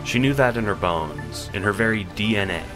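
A man reading the narration of an audio drama in a measured storytelling manner. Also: on the low side, lively intonation, over music.

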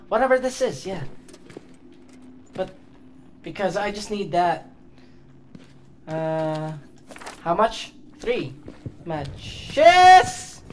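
A woman hosts a horror game let's play, talking her way through every room and yelping when something moves. Her voice sits a little low but swings widely in pitch. She thinks out loud, with plenty of fillers along the way. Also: slight background noise. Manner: excitable, chatty, shrieks when startled; thinks aloud with fillers and self-talk. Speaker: gaming video host.

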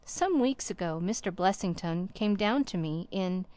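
A woman narrating a classic story as an audiobook in a measured, formal way. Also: lowish voice, animated, mellow, dry recording.

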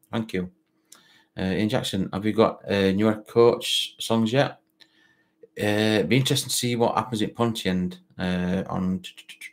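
A low-voiced man with a broad Barnsley Yorkshire accent hosts a football fan live stream. He chats casually, reads out viewers' comments and rambles, repeating words and leaning on fillers.

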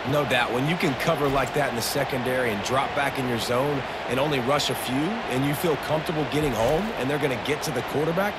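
A man giving football analysis as a video game color commentator, explaining in a relaxed, coach-like way. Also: mid-range voice, quick pace, few pauses, very noisy.

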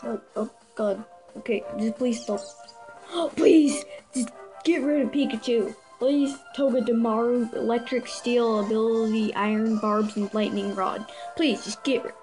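An excitable woman chats her way through a reaction video in a fairly high voice, tripping over names and laughing at her own slips. Clear music plays steadily behind her. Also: rough recording. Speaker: video creator. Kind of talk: casual reaction commentary.

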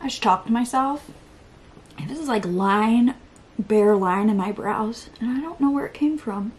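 Speaking at normal speed in a fairly high voice, a young beauty vlogger chats through her makeup routine, teasing herself, talking to herself and sometimes whispering. The audio is poor.

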